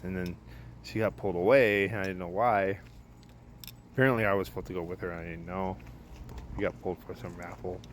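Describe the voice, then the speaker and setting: A man's voice: sits low, slight background noise. A man casually telling a long personal story outdoors while barbecuing, rambling and correcting himself, with the odd curse word.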